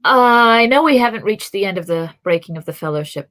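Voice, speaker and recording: A woman's voice: medium pitch, lively intonation, fairly quick, fairly bright tone. A young adult woman co-hosting a podcast, chatting casually and thinking aloud with fillers and restarts. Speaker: podcast co-host. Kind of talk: casual chat.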